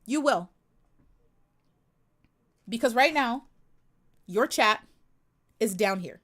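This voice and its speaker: Young woman streamer from the US, slightly high-pitched, sharp and sassy, scolds her chat head-on. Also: lively intonation, slow. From United States. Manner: sassy, confrontational, emphatic repetition. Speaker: livestream host. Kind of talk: live stream chat commentary.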